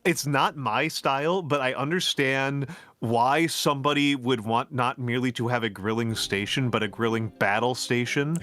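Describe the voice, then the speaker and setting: A man hosting a stream, chatting casually about house listings in a wry, rambling way with halting restarts. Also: mid-range voice, fairly bright tone, no echo, studio quality. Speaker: streamer host.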